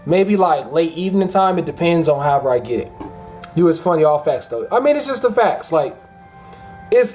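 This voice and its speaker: A man talking casually to his livestream chat in animated, laughing, sermon-like rants. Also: on the high side.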